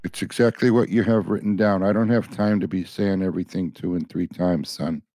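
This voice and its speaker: A man's voice: deep voice, steady tone, brisk, mellow. A man baiting a phone scammer, impatient and sarcastic, mocking the caller. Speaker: scambaiter. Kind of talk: prank call.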